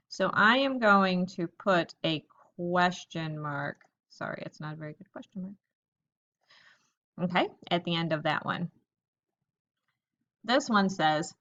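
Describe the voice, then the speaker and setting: A woman teacher giving a recorded lesson to young children, reading example sentences slowly and thinking aloud about each one. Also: lowish voice, expressive, bright, forceful tone, lo-fi sound.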